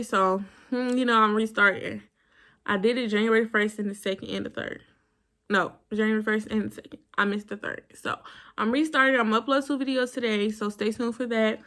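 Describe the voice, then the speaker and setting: Young woman vlogger rambling on, kinda high voice, lots of ums. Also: fairly bright tone. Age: 20s. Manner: chatty, rambling outro with frequent fillers. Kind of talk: casual story time chat.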